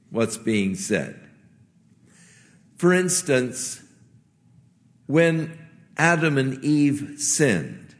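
A man preaching a sermon as a pastor, in a gentle, conversational way with earnest pauses. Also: medium pitch, long reverb tail.

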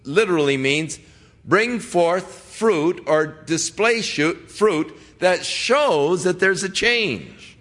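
A man's voice: sits high, animated, takes it slowly, fairly bright tone. A middle-aged man preaching a sermon in a conversational way, reading scripture and acting out the voices of the people he quotes. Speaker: pastor.

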